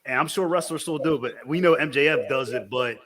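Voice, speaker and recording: A man hosting a wrestling interview show, chatting casually and excitedly hyping up his guest. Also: mid-range voice, brisk, a crowd in the background. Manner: enthusiastic, repeats words, hypes the guest.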